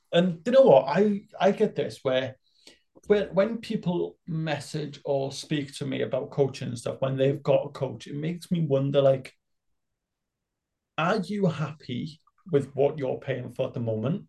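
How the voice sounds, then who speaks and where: A man with a fairly high voice co-hosts a casual coaching podcast. He tells stories in an exasperated tone and swears as he goes. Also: measured pace, vocal fry, mellow. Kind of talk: casual chat.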